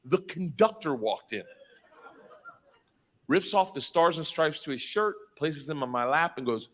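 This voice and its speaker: A man's voice: on the high side, expressive, measured pace, long pauses, slight background noise. A man in his fifties, a stand-up comedian telling a story on stage. He swears freely and laughs through his lines. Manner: loud, profane, laughing storytelling.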